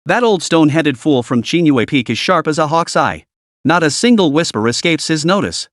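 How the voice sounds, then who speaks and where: Cast: stern bragging old sect elder read by a man, scolding, slightly high voice, dry booth sound. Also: lively intonation, normal speed, no room sound, natural voice. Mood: hushed. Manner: scolding, conspiratorial.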